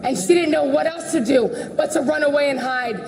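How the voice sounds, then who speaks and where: A woman's voice: high-pitched, a little fast, noisy background. A woman in her twenties being arrested, pleading, distraught and crying out in pain, heard through body camera audio. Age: 20s.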